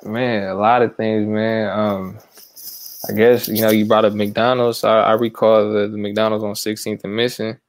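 Young man, from san francisco, flat low voice, relaxed reminiscing. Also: normal speed. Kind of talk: casual chat.

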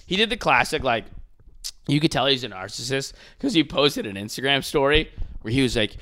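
Profane, animated man on a podcast. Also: medium pitch, a little fast. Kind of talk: casual podcast chat.

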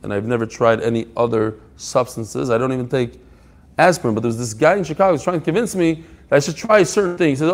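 A man teaching a Talmud class, emphatic and animated, quoting passages and explaining them in English. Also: mid-range voice, fast. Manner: animated, emphatic, mixing Hebrew-Aramaic quotes with English explanation.

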